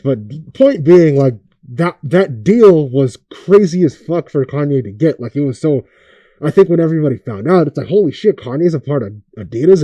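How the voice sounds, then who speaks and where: A young man with a dark, mellow voice, pitched a little high for a man. He rants through a casual podcast, swearing freely and firing off rhetorical questions. The sound is dry and close. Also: no room sound. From Oakland area. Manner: profane, ranting, rhetorical questions. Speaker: podcast host.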